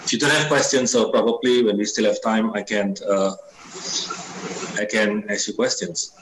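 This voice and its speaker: A man's voice: on the low side, fairly even intonation, moderate pace. A man moderating a webinar, loose and full of fillers as he invites questions. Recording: echoey room with faint hiss.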